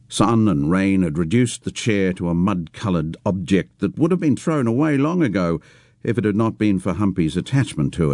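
Deep-voiced man reading a story. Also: a little mellow, no room sound, studio quality. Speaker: reader.

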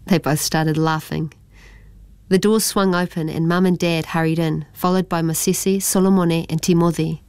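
A woman reads a storybook aloud in a steady, plain manner. Her voice sits low, and the recording is close and dry. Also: moderate pace, clean tone, no room sound. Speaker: narrator.

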